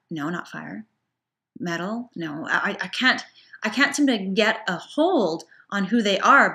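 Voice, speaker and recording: A woman teaching acupuncture students in a relaxed, chatty lecture, often restarting her sentences. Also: mid-range voice. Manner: chatty, warm, self-correcting with frequent restarts and small laughs. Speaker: acupuncture instructor.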